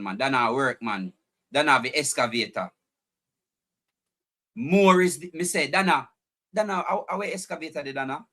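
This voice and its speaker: A man with a Jamaican accent hosting a live stream, chatting animatedly to his viewers and repeating his points. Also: on the high side. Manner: animated, repeats phrases, talks directly to chat viewers. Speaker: livestream host.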